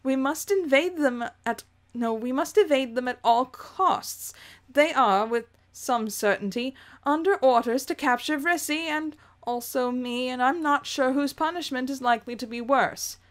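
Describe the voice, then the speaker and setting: A woman's voice: sits high, unhurried. A woman voicing an anxious, practical young woman explaining a grim situation. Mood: worried.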